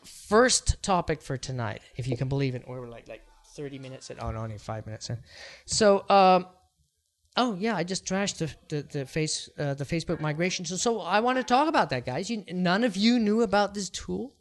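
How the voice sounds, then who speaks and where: A man hosting a podcast in casual banter, with a nasal voice and a jokey, excitable manner. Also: high-pitched, normal speed. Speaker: podcast host. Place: small studio den with live audience.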